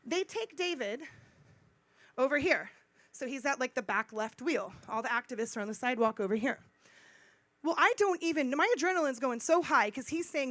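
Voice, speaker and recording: A middle-aged woman speaking at a conference, telling a personal story in an animated way, acting out dialogue and repeating phrases for emphasis. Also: high-pitched, moderate pace, dry recording. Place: conference stage.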